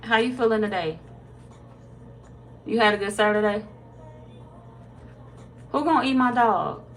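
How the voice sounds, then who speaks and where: A woman tarot reader casually chatting with viewers on a livestream, reading their comments aloud, laid-back and quick to laugh. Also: medium pitch, expressive, slight background noise.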